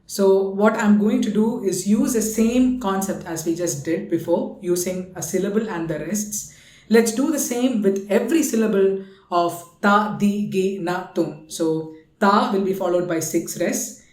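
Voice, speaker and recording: A woman's voice: medium pitch, unhurried, darkish tone, echoey room. A woman with an Indian English accent, patiently explaining and counting out a rhythm lesson and reciting konnakol syllables. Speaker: music teacher.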